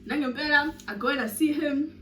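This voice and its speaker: A South African woman in her twenties telling a storytime vlog with animated, dramatic delivery and sudden loud bursts. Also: high-pitched, fairly quick, soft background music. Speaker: YouTuber. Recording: roomy echo.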